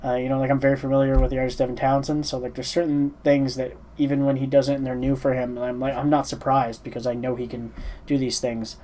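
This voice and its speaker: A sleepy, yawning music reaction host rambles through casual commentary on a song, hesitating often with plenty of fillers and restarts. His mellow voice is medium in pitch and level in tone, moving at a quick pace, and the recording quality is low.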